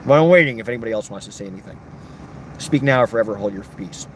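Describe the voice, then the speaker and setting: Playful young man with lively pitch. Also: rapid-fire, slight background noise. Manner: joking, playful, reads comments aloud in shifting voices. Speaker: livestreamer reading chat comments. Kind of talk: casual late-night livestream chat.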